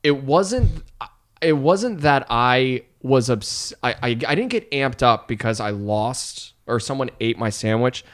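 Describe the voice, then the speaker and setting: A man's voice: mid-range voice, measured pace. A man in his thirties, a comedian guest, telling a story in casual chat, rambling and self-deprecating, filling his talk with "like". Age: 30s.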